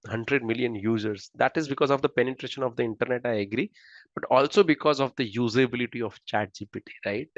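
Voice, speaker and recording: A man's voice: mid-range voice, quick pace, no room sound, dull audio. A man with an Indian accent giving a slide lecture in a chatty, conversational way, often checking in with "right?". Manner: conversational, keeps asking "right?".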